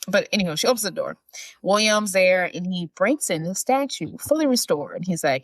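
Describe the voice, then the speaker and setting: Lower-pitched woman recapping a movie. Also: no echo. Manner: animated, acts out characters' lines in quick bursts. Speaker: podcast co-host. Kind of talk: casual chat recapping a film.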